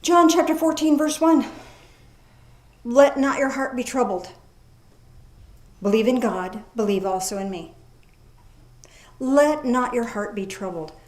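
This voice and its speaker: A woman gives a sermon in a folksy, lively way, trading scripture readings for chatty asides. She talks at a slow, unhurried pace in a slightly high voice. The room around her is echoey. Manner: reads scripture aloud slowly, then comments. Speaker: pastor.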